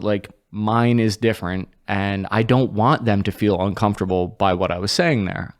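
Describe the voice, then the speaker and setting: A man's voice: lowish voice, smooth. A man who is a guest on a casual podcast, talking candidly and self-consciously and laughing at himself.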